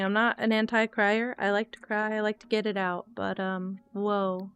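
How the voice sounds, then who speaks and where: Smooth-voiced young woman streamer chatting. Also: medium pitch, flat delivery, normal speed, fairly bright tone. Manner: candid, rambling, thinks aloud and answers chat. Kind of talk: casual live-stream chat while gaming. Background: faint guitar music.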